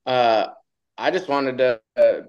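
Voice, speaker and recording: Chill guy telling stories on a podcast, smooth voice, kinda muffled sound. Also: mid-range voice, slow pace, a little mellow. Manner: laid-back, laughs through his stories. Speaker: guest, retired bull rider. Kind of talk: casual storytelling.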